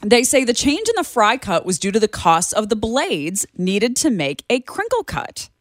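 A woman's voice: a little high, big pitch swings, normal speed, dry recording, clean studio sound. A woman co-hosting a radio show, reading news items in a chatty, amused way. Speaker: radio co-host. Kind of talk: casual radio chat.

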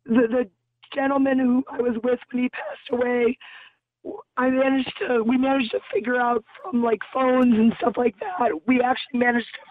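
Woman caller, hoarse, halting and shaken, phone-line sound, dry and tinny. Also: on the high side, dry recording. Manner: halting, shaken, many restarts. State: losing voice. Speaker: caller, festival bartender. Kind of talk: emotional phone-in account. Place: in a car heading home.

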